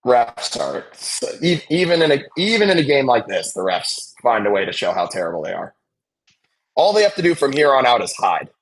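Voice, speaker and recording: A man hosting a live basketball watch-along, chatting casually and calling plays with excitement. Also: medium pitch, fairly quick, a little hiss or hum. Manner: chatty, excitable, reacts loudly to big plays.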